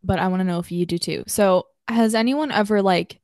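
A young woman co-hosting a podcast in casual chat, animated and emotional, laughing often. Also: medium pitch, brisk, no room sound, studio quality. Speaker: podcast co-host.

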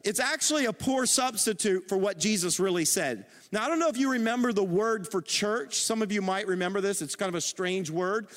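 A middle-aged man preaching a sermon as pastor, animated and calling on the congregation to respond. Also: high-pitched, fairly quick, few pauses. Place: church auditorium. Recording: long reverb of a large hall.

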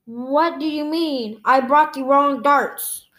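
Woman reading a comic aloud, high voice, unhurried, speaks the sound effects too. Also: fairly bright tone. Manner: reads out sound effects and dialogue alike. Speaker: storyteller reading a graphic novel aloud. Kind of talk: read-aloud storytelling.

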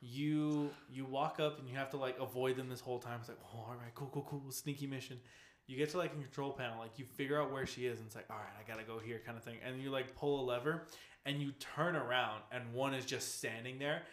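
A man's voice: medium pitch, fairly even intonation, a little fast, fairly bright tone, echoey room. A man in casual gaming chat, rambling as he retells scenes and acts out game characters, swearing freely.

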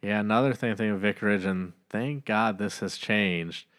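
Man, lowish voice, chatty pastor, casual talk. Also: moderate pace, fairly bright tone. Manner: chatty, many "like" fillers. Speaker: pastor and podcast co-host. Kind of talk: casual conversational storytelling.

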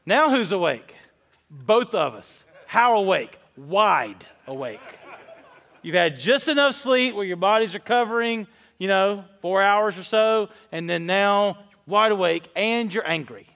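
Male pastor, 40s, high-pitched, candid storyteller with self-deprecating humor, long hall reverb. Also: expressive, a little slow, gravelly, fairly bright tone. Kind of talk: conversational sermon.

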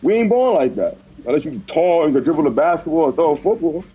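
A man chatting casually outdoors as a podcast co-host, telling animated stories and acting out quotes. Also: fairly high pitch, fast talker, crowd noise, low-quality recording. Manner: animated storytelling, acts out quotes. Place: outdoors in a park.

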